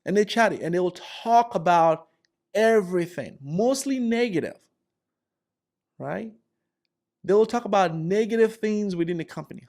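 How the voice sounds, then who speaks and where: A career vlogger in his forties hands out workplace advice through animated stories, acting out his coworkers and repeating himself a lot. His voice is high-pitched and expressive with a darkish tone, moving at normal speed with frequent pauses.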